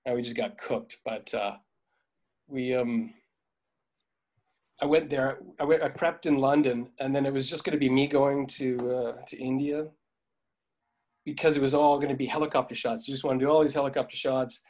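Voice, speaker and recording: A middle-aged man, a veteran dolly grip on film crews, is a guest in a casual interview, telling rambling stories full of fillers and laughs. His mid-range voice is a little mellow, with fairly even intonation and a moderate pace.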